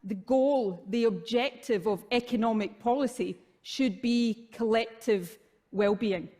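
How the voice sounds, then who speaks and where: A man's voice: extremely high pitch, a little slow, mellow. Scottish English man giving formal speech.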